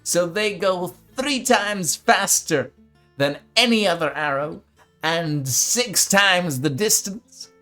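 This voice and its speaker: Eccentric old shopkeeper, male, played by a man, high and swooping, slow sing-song delivery, accent that wanders. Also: animated, pushed and bright, soft background music, full character voice. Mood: gleeful. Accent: wobbly put-on accent of no fixed place. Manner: drawn-out, sing-song, relishing his wares. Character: gleeful old male arrow merchant, eccentric.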